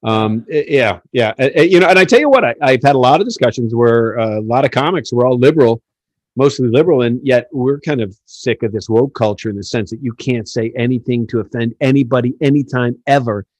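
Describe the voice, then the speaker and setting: A middle-aged man from the United States hosting a casual podcast, telling stories in an animated, joking way with plenty of fillers. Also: mid-range voice, a little fast, no echo. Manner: animated storyteller, jokey, many fillers. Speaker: podcast host.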